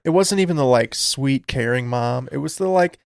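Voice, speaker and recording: A man's voice: mid-range voice, normal speed, gravelly, smooth. Podcast guy making snarky side comments, mid voice, no room echo. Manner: dry, sarcastic interjections. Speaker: podcast co-host. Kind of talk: casual chat.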